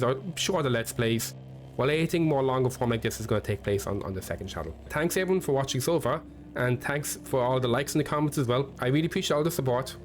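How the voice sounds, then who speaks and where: A man casually commenting on a video game playthrough in an easygoing, chatty way. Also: mid-range voice. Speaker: let's play host.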